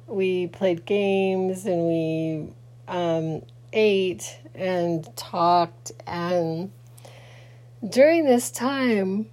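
Slow-talking grieving middle-aged woman. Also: fairly low pitch, darkish tone. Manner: rambling, halting, many fillers and restarts; sleepy, late at night. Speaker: vlogger. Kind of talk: casual personal talk to camera.

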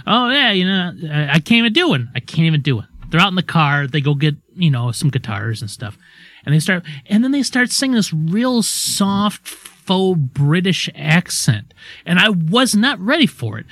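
A man's voice: a little high, no echo. A man on a radio show telling a long, rambling story in casual chat, often stopping to correct himself. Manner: rambling, animated, self-interrupting. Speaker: radio co-host.

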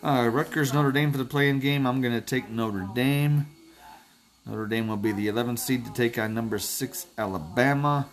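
A man's voice: medium pitch, moderate pace. Profane rambling man picking sports brackets. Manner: rambling, self-talking, jokey and profane. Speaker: podcast host. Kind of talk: casual solo sports-picks monologue.

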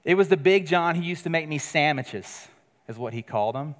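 Male pastor, earnest conversational sermon delivery, slightly raised pitch, reverberant hall sound. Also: lively intonation, fairly quick. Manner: earnest, conversational preaching with sudden drops to quiet emphasis.

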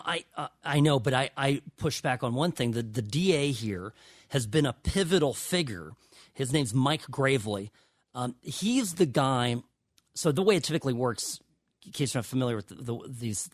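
A man's voice: mid-range voice, no room sound. Guy lawyer talking legal stuff, stops and restarts a lot, dry close sound. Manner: halting, many restarts, emphatic. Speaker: co-host, lawyer. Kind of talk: casual legal commentary.

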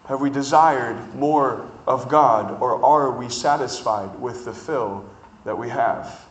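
A man preaching a sermon, telling stories in an animated way and drawing out words for emphasis. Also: mid-range voice, reverberant, slight background noise, rough recording. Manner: animated storytelling with drawn-out emphasis.

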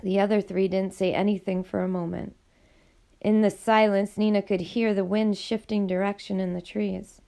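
Audiobook narrator: woman, gravelly, middle pitch, steady reading. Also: moderate pace. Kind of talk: scripted narration.

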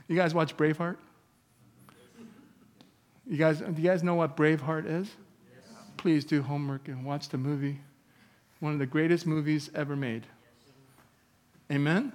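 Fervent male pastor in a reverberant hall. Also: fairly high pitch. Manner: energetic preaching, rising to loud emphatic peaks; conversational asides with chuckles to the congregation. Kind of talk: sermon. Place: church sanctuary. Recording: long reverb of a church hall.

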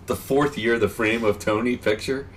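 A man's voice: mid-range voice, steady tone, moderate pace, crowd noise, poor audio. Male podcast cohost, mid-range voice, easygoing, chimes in often. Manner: easygoing, chiming in with short reactions. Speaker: podcast co-host. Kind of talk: casual chat.

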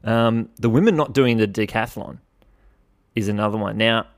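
A low-voiced Australian man with some fry in his voice, talking through his gripes on a casual solo podcast. He is blunt and swears freely, with a mock-exasperated edge. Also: normal speed. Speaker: podcast host.

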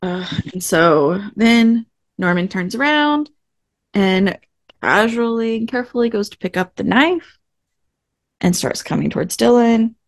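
A woman's voice: fairly high pitch, animated, a little slow, no room sound, clean studio sound. A woman co-hosting a podcast, casually retelling TV episode scenes and acting out the characters' lines. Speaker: podcast co-host. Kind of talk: casual recap chat.

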